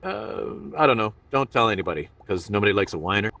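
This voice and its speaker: A man's voice: on the low side, very animated, quick pace, vocal fry, recorded from a distance, background noise. A man hosting a stand-up comedy show in a virtual reality room, rambling and self-deprecating, with many filler asides.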